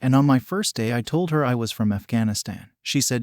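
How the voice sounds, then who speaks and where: A man at an ordinary pitch reads stories aloud in an even, conversational way and adds wry remarks between them. The recording is close and dry, with no room sound. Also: a little fast, no room sound. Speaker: narrator reading online stories. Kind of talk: scripted narration with commentary.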